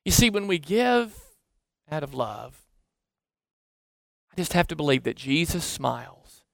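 A middle-aged man with a Southern American accent preaching a sermon conversationally, building up emphatic lists and then dropping to hushed asides. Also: medium pitch, lively intonation, unhurried, vocal fry, pauses often, no echo, clean studio sound. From Southern United States. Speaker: pastor.

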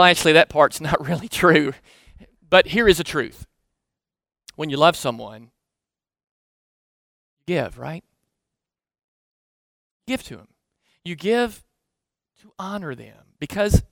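A Southern American man in middle age delivers a sermon with a high voice. He talks to the congregation like a neighbor, stacking up emphatic phrases and then falling to soft, hushed remarks. The recording is close and dry. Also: dry recording. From Southern United States. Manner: conversational preaching, rising to emphatic lists, dropping to hushed asides. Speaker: pastor.

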